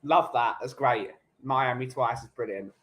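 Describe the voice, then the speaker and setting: A man with a London English accent, hosting a relaxed coffee chat stream and bantering jokily with his live chat. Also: mid-range voice, a little slow, faint music behind, poor audio. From England. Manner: jokey, rambling banter.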